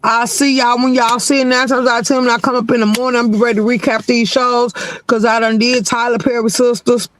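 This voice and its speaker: A man's voice: very high voice, little pitch movement, a little fast, fairly bright tone, slight background noise. A man hosting his live stream, rambling along in casual, laid-back chat.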